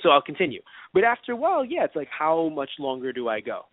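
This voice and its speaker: A man's voice: on the high side, fast, no room sound. A man co-hosting a live radio show, chatting casually and animatedly. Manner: animated, enthusiastic rambling. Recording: tinny phone-like sound, dry.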